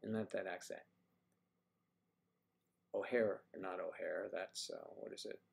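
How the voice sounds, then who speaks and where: Greeting viewers by name and playfully teasing them as he reads their comments, a man runs a relaxed, chatty livestream. He speaks fairly quickly in a low voice with vocal fry and fairly even intonation.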